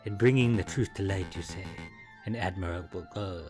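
A man voicing a smooth, flattering nobleman prince bird with a hammy, theatrical fake Spanish accent while reading a visual novel aloud. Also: low-pitched, normal speed, over music, close to an everyday voice. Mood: grandly polite.

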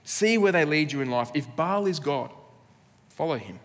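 A man's voice: fairly high pitch, animated, normal speed, a bit bright. An Australian man preaching a sermon as pastor, earnest and laced with dry humour. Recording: long reverb of a church hall.

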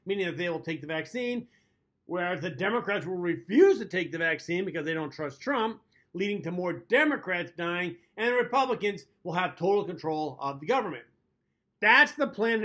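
A man hosting a comedy show, delivering a chatty scripted monologue, chuckling at his own jokes and pausing to toast his drink. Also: high voice, fairly bright tone.

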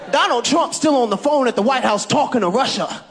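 A man in his thirties doing a stand-up set, shouting jokes to a crowd. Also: very high-pitched, animated, a little fast. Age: 30s. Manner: loud, jokey, shouting to a crowd. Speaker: stand-up comedian. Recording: archive stage clip with crowd. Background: audience crowd.

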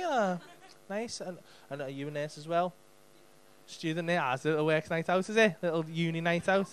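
High, bright-voiced Liverpool comic. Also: male voice, normal speed, slight background noise. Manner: cheeky, sweary banter with the audience. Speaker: stand-up comedian. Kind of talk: crowd work. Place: comedy club stage.

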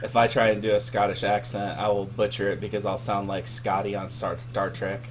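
A man's voice: fairly low pitch, level tone, fairly quick, faint music behind. A man hosting a casual chat, teasing and joking with his guest.

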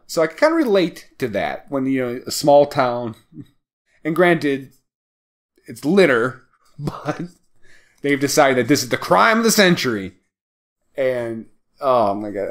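A man co-hosting a podcast, chatting casually about a film, rambling with many fillers and frequent laughter. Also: mid-range voice. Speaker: podcast co-host. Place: small town.

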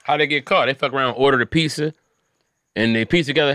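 A man's voice: medium pitch, fast, sharp tone, no room sound, clean studio sound. A young man hosting a podcast with a comedian's style, joking and swearing a lot and often switching into silly voices. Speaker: podcast host. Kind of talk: casual comedic chat.

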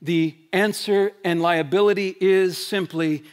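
A man preaching a sermon as pastor. He asks the congregation rhetorical questions, drives points hard, then drops to a hushed, quiet delivery. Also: sits high, measured pace. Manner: animated preaching, rhetorical questions, swings between loud emphasis and hushed quiet. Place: church sanctuary.

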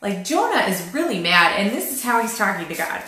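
A woman teaches from scripture in a relaxed, chatty way, with a dry, sarcastic streak and plenty of "um"s. Her pitch sits in a middle range. She is recorded in a very echoey room. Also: fairly quick. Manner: frequent "um" fillers and light laughs. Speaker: Christian family Bible teacher. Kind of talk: casual spoken Bible teaching.

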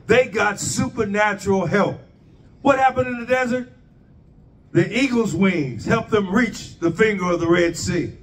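A man preaching a sermon in a high, unhurried voice, asking rhetorical questions of the congregation. He sounds set back from the microphone. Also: distant mic, slight background noise.

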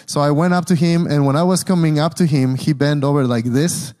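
A man's voice: on the high side, fairly even intonation, fairly quick, darkish tone. A man with a Mexican Spanish accent, a guest speaker telling a church his mission story with slides, earnest and storytelling, often restarting his sentences.

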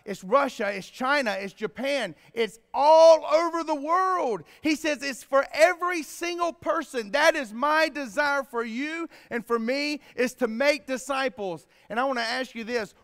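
Pastor preaching, high voice, goes soft then shouts out, big echoey church. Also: male voice. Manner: preaching with sudden loud emphatic bursts. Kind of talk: sermon. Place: church sanctuary. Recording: long reverb in a church hall.

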